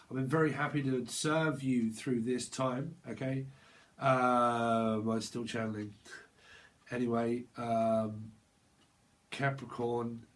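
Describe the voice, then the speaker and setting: A young man giving a tarot reading, acting out scenes in lively voices and swearing often. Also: mid-range voice. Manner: animated, acts out scenes with put-on voices, swears a lot. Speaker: tarot reader.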